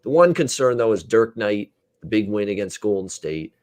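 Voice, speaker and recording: Low-voiced man hosting a betting show. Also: sing-song, moderate pace, darkish tone, no echo. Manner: loose, conversational, many fillers. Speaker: sports betting show host. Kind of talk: casual sports betting talk.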